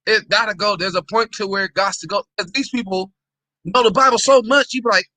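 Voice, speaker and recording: A man talking in loose, slangy conversation, stumbling over his words and circling back. His voice is bright and forceful, and it is recorded dry and close with no room sound. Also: sits high, fairly quick, dry recording. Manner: animated, repeats himself, street slang. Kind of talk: casual conversation.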